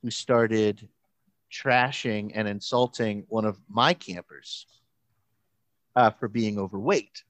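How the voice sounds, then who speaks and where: A man's voice: on the low side, no echo. Chatty man telling a story in a dry room. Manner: animated, halting storyteller with many restarts and quoted voices. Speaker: pastor and camp counselor. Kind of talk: casual storytelling chat.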